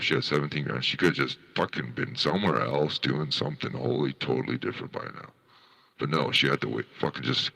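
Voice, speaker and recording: A man's voice: extremely low pitch, creaky, sharp tone, breathy edge. A man hosting a livestream, giving scornful, swear-filled commentary on clips he plays. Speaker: livestream host reviewing clips. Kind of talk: profane reaction commentary.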